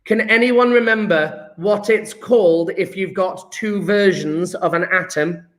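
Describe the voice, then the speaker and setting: A young man teaching a chemistry class in a chatty, excitable way, full of self-mocking asides. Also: high-pitched, a little slow. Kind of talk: live online class lesson.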